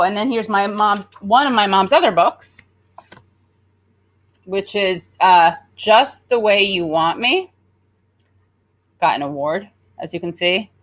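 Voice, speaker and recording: Woman in her thirties, American accent, livestream host. Casual, meandering chat, voice sits a bit low. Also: a bit bright. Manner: rambling, chatty, reading viewer comments aloud. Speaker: show host.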